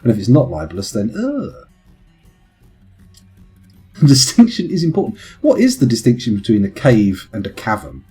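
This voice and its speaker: A man's voice: fairly low pitch, sing-song, fast talker, hardly any pauses, warm tone, soft background music. A man with children, chatting casually and rambling into punning tangents while streaming a game. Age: adult with children. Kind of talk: casual live-stream commentary.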